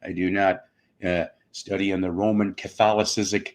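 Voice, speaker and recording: A man's voice: sits low, flat delivery, normal speed. A man hosting a rambling, comedic livestream show, cracking bad jokes, laughing at them himself and reading out viewers' messages. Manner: jokey, laughs at his own jokes; reads out chat messages.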